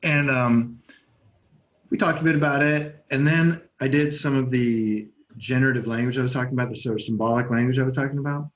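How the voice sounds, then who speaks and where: A man co-hosting a podcast as an NLP coach, telling stories in a loose, animated way and swearing freely. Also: medium pitch, a little fast. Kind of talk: casual conversation. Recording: slightly dull, muffled sound.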